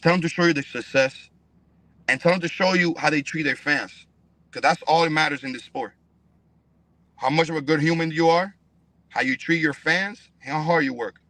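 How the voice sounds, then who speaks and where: A man speaks as a fighter guest with a notably high voice, airing grievances in a blunt, profane, emphatic way. He leans on repeated words and sounds dry and close to the mic. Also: normal speed, long pauses, fairly bright tone, no room sound. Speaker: pro fighter, podcast guest. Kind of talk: heated interview talk.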